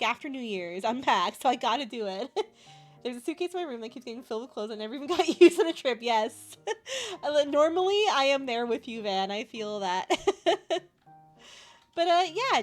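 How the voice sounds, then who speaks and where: A bubbly young woman from Canada chatting casually with her stream chat, giggling often and gushing over cute things. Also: fairly high pitch.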